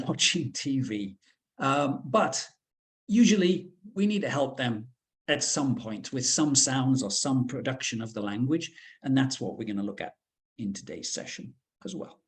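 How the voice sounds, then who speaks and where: A man from the UK presenting a teacher-training webinar, talking in a chatty way with frequent fillers. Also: medium pitch.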